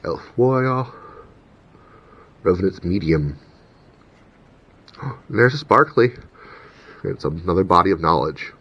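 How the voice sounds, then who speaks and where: Low-voiced man reading cards aloud. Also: lively intonation, takes it slowly, long pauses, breathy edge. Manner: reads card names and rules text aloud, chatty asides. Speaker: channel host opening card packs. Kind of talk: casual unboxing commentary. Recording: dull lo-fi recording with faint rumble.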